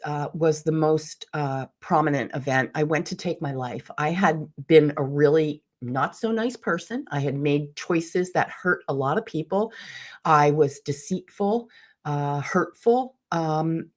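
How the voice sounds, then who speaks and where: A middle-aged woman, a guest on a podcast, telling her personal story in an earnest, emphatic way with vivid detail. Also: lowish voice. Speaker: intuitive mentor and podcast guest.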